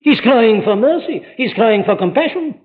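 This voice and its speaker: A man's voice: very high-pitched, animated, moderate pace, phone-quality sound. A man preaching a sermon in a chapel, pressing his listeners with urgent rhetorical questions. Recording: thin archive sermon recording with long chapel reverb.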